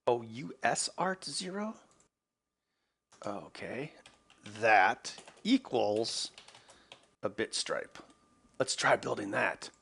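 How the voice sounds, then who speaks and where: A man's voice: mid-range voice, expressive, very slow, gravelly, pauses often, a bit bright, slightly rough. A man hosting an electronics video, talking casually to himself as he works through a problem. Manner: muttering to himself while working. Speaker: electronics maker host. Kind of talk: casual work-along narration.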